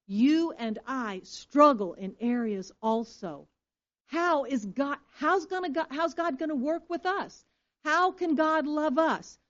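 Woman preaching emphatically, dull lo-fi sound. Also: on the high side. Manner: emphatic preaching with rhetorical questions. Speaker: pastor. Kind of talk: sermon. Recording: dull lo-fi recording.

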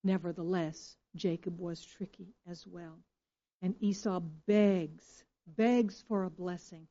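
A woman's voice: on the low side, fairly even intonation, slow pace, mellow. A woman pastor preaching a sermon with emphatic delivery and frequent rhetorical questions. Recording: dull lo-fi recording.

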